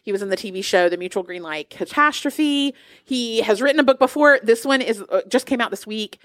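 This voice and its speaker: A woman co-hosting a podcast, chatty and animated as she recommends shows and books. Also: fairly high pitch, a little fast, no echo. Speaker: podcast co-host. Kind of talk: casual pop-culture chat.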